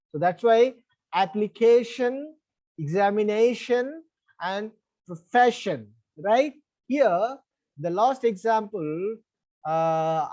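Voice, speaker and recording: A man's voice: sits high, darkish tone, lo-fi sound. Indian man teaching an online English class. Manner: explains rules step by step, repeats himself, checks understanding. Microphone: online class call.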